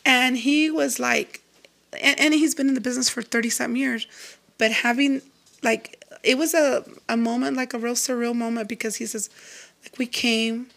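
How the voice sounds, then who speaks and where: A woman from Texas talking as a guest singer in a relaxed interview. Her voice sits a little high, and she tells her story earnestly, with many restarts and lively quoted lines. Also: moderate pace, gravelly. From Lubbock, Texas. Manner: animated, quotes others in a raised voice.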